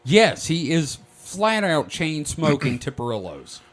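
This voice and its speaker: A man leads a loose, jokey podcast chat, recounting a strange story. His pitch swings widely as he tells it, and he laughs and swears freely. He sounds like a regular host among friends. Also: sing-song, takes it slowly. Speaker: podcast host presenting the research. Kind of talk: casual comedic podcast banter.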